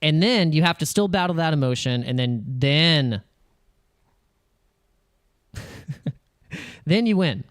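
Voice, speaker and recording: A man hosting a crypto channel, talking over charts in casual, excitable commentary and acting out panicky investor voices. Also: a little high, takes it slowly, long pauses, smooth, no echo, clean studio sound.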